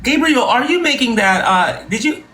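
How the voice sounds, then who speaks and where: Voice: mid-range voice, expressive, moderate pace, bright, forceful tone, a little hiss or hum, rough recording. A host on a live stream, boastful, thanking viewers for gifts by name. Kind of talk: casual live stream chat.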